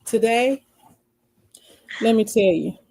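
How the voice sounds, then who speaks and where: A woman's voice: on the high side, slow, vocal fry, warm tone. A woman playing a flirty, country-sounding woman who coos and sweet-talks her man in an improvised role-play. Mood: sultry, coaxing. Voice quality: country-sounding, sultry coo.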